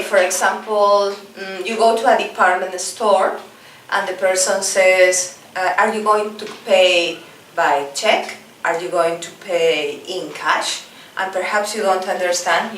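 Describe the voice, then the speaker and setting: A woman whose first language is Spanish, teaching English in a bilingual lesson, slowing right down for drill phrases and speeding up when explaining. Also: mid-range voice, fairly bright tone, distant mic. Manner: slow, over-articulated drill repetitions, quicker Spanish explanations. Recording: roomy echo, voice a bit off-mic, faint background noise.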